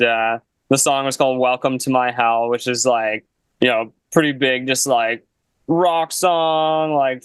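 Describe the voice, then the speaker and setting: A man's voice: mid-range voice, fairly bright tone, clear, resonant tone, dry recording, low-quality recording. A young man, a guest musician, telling a casual story in a laid-back way, full of "like" and "you know.". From Canada.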